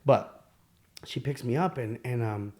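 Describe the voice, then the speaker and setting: A man speaks candidly as a podcast guest, telling his own story with frequent fillers and restarts. His voice sits at an average pitch for a man. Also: unhurried, darkish tone. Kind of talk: personal storytelling.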